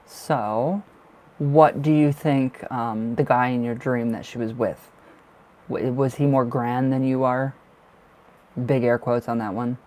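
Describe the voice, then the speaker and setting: A man's voice: mid-range voice, fairly even intonation, slow, a little mellow. A man giving live tarot readings on a stream, chatty and reassuring, full of fillers and emotion. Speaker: tarot reader.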